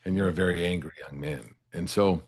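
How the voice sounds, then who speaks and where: A middle-aged man with a very deep voice shares his personal story as an interview guest. He talks earnestly, restarts words as he gathers his thoughts, and checks in with "right?" after his points. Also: fairly quick, darkish tone, slightly rough.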